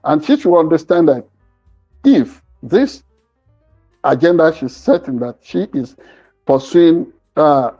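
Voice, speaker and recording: A man with a somewhat high voice gives opinionated commentary, pausing often on fillers as he builds his argument. His audio sounds a little dull and muffled. Faint music runs underneath. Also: animated, warm tone. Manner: hesitant, many fillers, searches for words while arguing. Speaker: news commentator.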